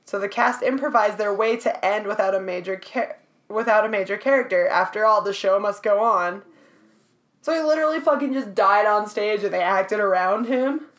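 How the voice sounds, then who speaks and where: A woman's voice: medium pitch, normal speed. A woman reading out trivia in a casual chat, laughing often and swearing freely.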